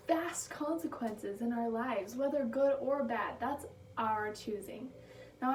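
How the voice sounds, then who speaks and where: A woman delivering a prepared motivational speech, slowing down to stress her key phrases. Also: a little high, a little mellow, far from the mic. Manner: emphatic, slows down on key phrases. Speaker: speaker giving a motivational speech. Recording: echoey room taken from afar, background noise.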